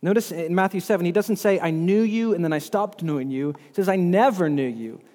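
A man's voice: high voice, brisk, a little mellow. A man preaching a sermon as pastor, earnest and often repeating words as he works through scripture. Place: church hall. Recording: long hall reverb.

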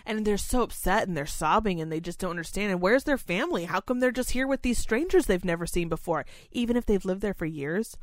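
A woman's voice: medium pitch, expressive, fast, hardly any pauses, dry recording. A young woman who works in memory care, chatting casually and candidly on a podcast, rambling and swearing freely.

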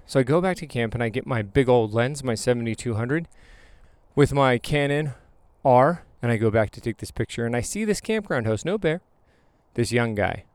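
A man in his thirties giving a motivational storytelling monologue, emphatic and animated, with dramatic pauses. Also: mid-range voice, no echo. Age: late 20s to 30s. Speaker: photographer and hypnotherapist.

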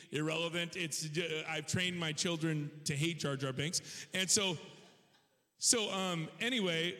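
A man's voice: fairly high pitch, vocal fry, pushed and bright. A male pastor preaching a sermon, telling stories in a conversational way in a church, with long hall reverb.

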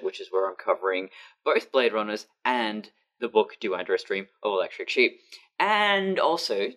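A woman, a podcast guest, chatting animatedly with quick asides and frequent laughs. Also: rumbling low, fairly bright tone. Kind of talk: casual chat.

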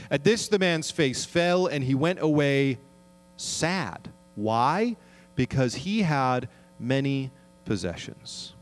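A male pastor preaches in an earnest, conversational voice of middle pitch. He often turns to the congregation with questions. He slows down to read scripture aloud. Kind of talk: sermon.

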